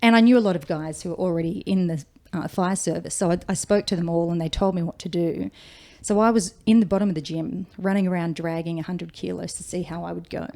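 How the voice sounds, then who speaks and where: A woman's voice: on the low side, steady tone, fast talker, vocal fry, hardly any pauses, warm tone. A woman in her forties with an Australian accent, a firefighter telling her story in a casual interview, chatty and acting out quoted speech. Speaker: guest, firefighter.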